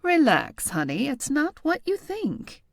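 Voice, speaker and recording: Audiobook role: woman voicing a wise, patient tarot reader, calm and teasing, lively pitch, dry close sound. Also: unhurried, dry recording, full character voice. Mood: knowing. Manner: calm, knowing, lightly teasing. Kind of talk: audiobook character voice.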